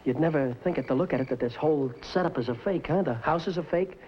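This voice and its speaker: A man's voice: fairly high pitch, fast, natural voice. A young man playing a brash, bossy comic lead in a 1950s sitcom. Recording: dull, hissy 1950s TV soundtrack.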